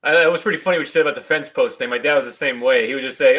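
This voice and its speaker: Fast-talking bright-voiced man. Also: medium pitch. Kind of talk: casual chat on a video call.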